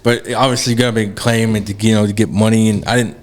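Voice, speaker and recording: A man's voice: lowish voice, fast talker. A man hosting a podcast, telling a story in casual chat, swearing a lot and acting out what other people said. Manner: animated storytelling, acts out voices of others; swears heavily, says dude and bro. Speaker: podcast host.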